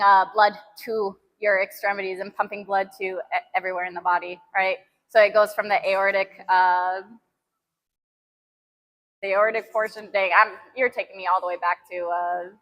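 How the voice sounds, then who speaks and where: A woman's voice: medium pitch, bright, forceful tone, low-quality recording. A young woman streaming a gym workout, chatting casually and breathlessly between sets, restarting her sentences. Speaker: fitness streamer.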